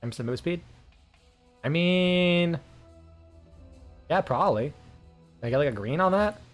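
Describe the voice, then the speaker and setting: A man with a slightly high voice talks through his gameplay in a loose, rambling way. He swears freely and leans on filler words. Faint game music plays underneath. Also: expressive, measured pace. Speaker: streamer. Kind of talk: casual gameplay commentary.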